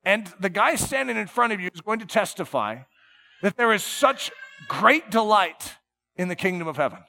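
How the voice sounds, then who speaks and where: A man preaching a sermon to a gathered congregation, earnest and shifting between soft, tender passages and emphatic ones. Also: very high-pitched, gravelly.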